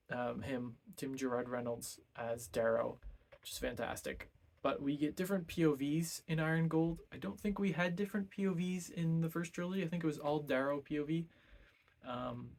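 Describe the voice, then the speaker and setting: A man's voice: mid-range voice, gravelly. A man giving a casual, rambling book review full of ums and self-corrections.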